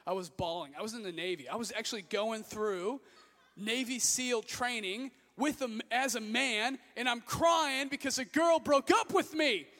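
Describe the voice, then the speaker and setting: High-voiced youth pastor preaching in a hall. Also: male voice, normal speed. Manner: energetic, exhorting, shouts often. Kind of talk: sermon. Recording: echoey hall.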